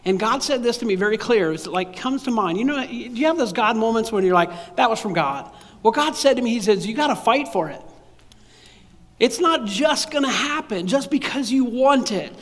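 A male pastor with a notably high voice delivers a casual, conversational sermon. He stumbles and repeats words and laughs at his own jokes. His voice rings out with the long reverb of a big hall. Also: animated, normal speed.

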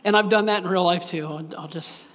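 Male pastor, high-pitched, casual confessional sermon, reverberant hall. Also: fairly quick, fairly bright tone. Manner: casual, confessional, with many restarts and asides. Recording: echoey hall with long reverb.

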